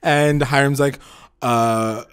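A man co-hosts a TV recap podcast in casual chat, rambling, swearing, saying "like" constantly, and acting out the characters' lines as he retells scenes. His voice is medium in pitch, slow, fairly even in intonation, with a fairly bright, clear, resonant tone.

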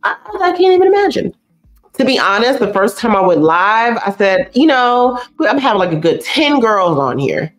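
A woman's voice: mid-range voice, expressive, normal speed, few pauses, faint music behind. A young woman hosting a casual livestream, chatty and effusive, reading and answering comments as she goes and repeating herself for emphasis. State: teary, stuffy nose. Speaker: YouTube host reading live chat.

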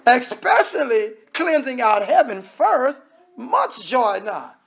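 A man's voice: very high-pitched, big pitch swings, slow pace, vocal fry, fairly bright tone. A man preaching a sermon in a conversational way, often acting out the voices of the people he quotes.

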